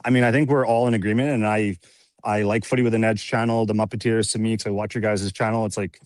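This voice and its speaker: A man's voice: on the low side, steady tone, fast, dry recording. A man calling in on a video call, debating earnestly with lots of filler words and hedges. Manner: earnest, hedging with many fillers. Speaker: caller.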